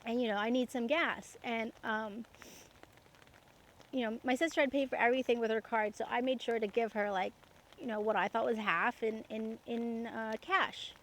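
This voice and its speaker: A young woman from Canada tells a personal story in a relaxed, rambling monologue, with plenty of "like" and "um" and frequent laughter. Her voice sits a little on the high side. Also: moderate pace, slight background noise. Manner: chatty, laughs often, many fillers. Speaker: podcast host.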